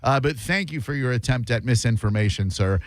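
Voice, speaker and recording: A man's voice: mid-range voice, expressive, a little fast, no echo. A male radio host taking callers in a studio, talking in a mocking, sarcastic way. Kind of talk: call-in radio talk.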